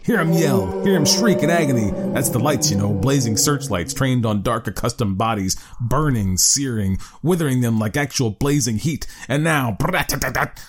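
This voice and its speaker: A man's voice: medium pitch, normal speed, hardly any pauses, breathy edge, soft background music, lightly acted. A man voicing a grim middle-aged man who hunts ghouls beneath the city, fervent and gloating. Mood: frenzied. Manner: fervent, rising to frenzied gloating. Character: grim middle-aged male underground ghoul-hunter chief. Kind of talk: dramatic story reading.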